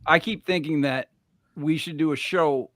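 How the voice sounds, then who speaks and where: Rhode island guy cohosting a podcast, dry close mic, animated storyteller. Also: fairly high pitch, moderate pace, no room sound. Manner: animated storyteller, mimics voices. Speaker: podcast co-host. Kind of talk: casual chat.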